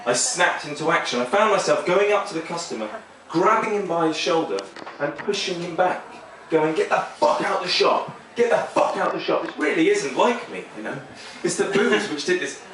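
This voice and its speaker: A man doing a stand-up comedy set on a small club stage, rambling and self-deprecating with a deadpan delivery. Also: sits high, moderate pace, hardly any pauses. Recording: echoey club, mic heard from far, noisy.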